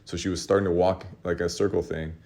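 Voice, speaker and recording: A man casually telling a rambling, self-mocking story, with laughs and shouted re-enactments. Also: low voice, level tone, fast talker. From Los Angeles area. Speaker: artist telling a story to his audience.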